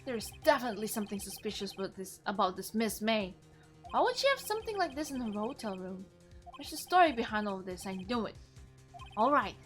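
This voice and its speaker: A woman streamer reading game dialogue aloud, expressive and animated, with casual asides. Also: medium pitch, brisk, faint music behind.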